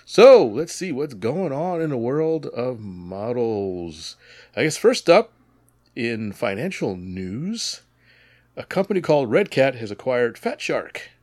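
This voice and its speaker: A man co-hosting a hobby podcast, chatting casually, animated and joking with frequent laughs. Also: mid-range voice, slow, dry recording, clean studio sound. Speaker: podcast co-host. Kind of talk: casual chat.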